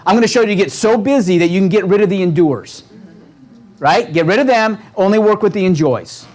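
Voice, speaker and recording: A man leading a real estate training seminar, talking with a lively, coaching manner and checking in with the room constantly. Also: high-pitched, fairly quick. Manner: animated, asks the room constant "right?" questions. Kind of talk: motivational seminar talk. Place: seminar room with a live audience.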